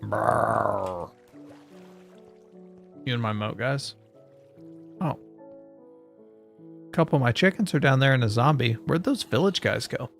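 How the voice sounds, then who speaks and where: A man chatting casually with his viewers while he plays, rambling from one joke to the next. His voice sits at an average pitch, and faint game music plays quietly behind him. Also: expressive, a little slow, gravelly, pauses often. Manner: rambling and joking, talking to chat. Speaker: streamer.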